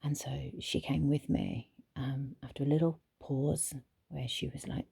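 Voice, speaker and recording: A woman therapist telling a story casually, in a soft, hesitant way with frequent whispered asides. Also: very deep voice, level tone, measured pace, creaky, breathy edge, no room sound.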